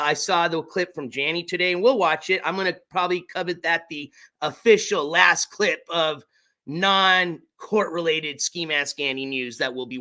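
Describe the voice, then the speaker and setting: A man's voice: fairly high pitch, sharp tone. A man hosting a casual livestream chat, laid-back and rambling, swearing now and then. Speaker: streamer.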